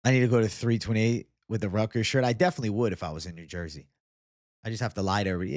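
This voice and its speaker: A man's voice: lowish voice, rapid-fire, a little mellow, dry recording, clean studio sound. A young man from Boston hosting a casual live chat. He talks loosely and swears a lot. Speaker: livestream host.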